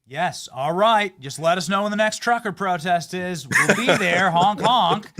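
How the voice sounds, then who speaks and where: A man hosting a political talk show, chatting emphatically and jumping in with quick reactions. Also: high-pitched, sharp tone. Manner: emphatic, interjecting. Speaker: show host.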